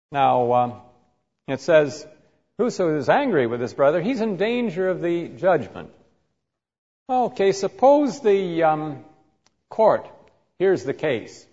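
A man teaching a sermon who reads scripture aloud and then explains it, slowly and deliberately, acting out quoted insults vividly. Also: on the high side, sing-song, a little mellow. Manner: slow and deliberate. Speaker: Bible teacher. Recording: muffled, reverberant hall recording.

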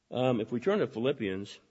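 Husky fast-talking male preacher. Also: medium pitch, a little mellow, highs cut off. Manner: fast-talking, with repeated restarts. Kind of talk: sermon.

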